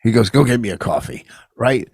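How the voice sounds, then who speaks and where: A middle-aged man, a comedian co-hosting a podcast, telling stories in a gruff, loud way. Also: medium pitch, expressive, fairly quick, dry recording, studio quality. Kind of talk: casual bickering chat.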